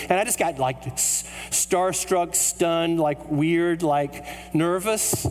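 A man from the United States preaching a sermon, telling a funny story in an animated, comic way. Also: on the high side, normal speed. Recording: hall reverb with mains hum.

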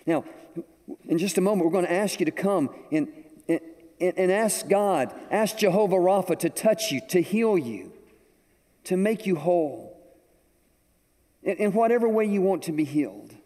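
An older man preaching a sermon, telling a story with animated delivery to a congregation. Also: high voice, normal speed, long pauses. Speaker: pastor. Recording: echoey hall with long reverb.

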